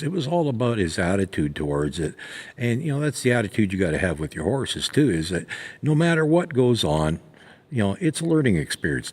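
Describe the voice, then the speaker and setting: With horses in the background, a man whose fairly low voice has a breathy edge talks through horse training informally. His folksy, meandering explanation is packed with fillers and restarted sentences.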